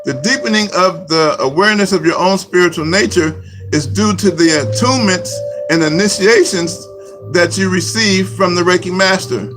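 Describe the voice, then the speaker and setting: A man giving a slow, repetitive spiritual teaching talk as a Reiki teacher. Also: sits high, poor audio. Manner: slow, repetitive, chant-like phrasing. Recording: music playing behind.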